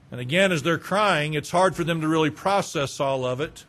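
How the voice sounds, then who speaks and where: A man's voice: fairly high pitch, brisk, hardly any pauses, fairly bright tone. A man preaching a sermon as pastor, building with rhetorical questions.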